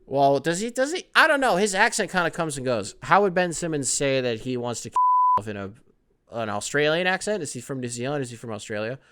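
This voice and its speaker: Host for a sports podcast: man, smooth clear voice, loose and profane, riffs and jokes. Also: mid-range voice, sing-song, a little fast, pushed and bright. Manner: profane, rambling, joking, mocks athletes with put-on voices. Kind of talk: casual sports podcast monologue.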